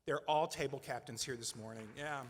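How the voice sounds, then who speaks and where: A man's voice: medium pitch, fairly quick. Middle-aged man speaking in a reverberant hall. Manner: conversational and earnest, with frequent "right?" tag questions. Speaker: nonprofit leader addressing donors. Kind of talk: speech at a fundraising breakfast. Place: large event hall.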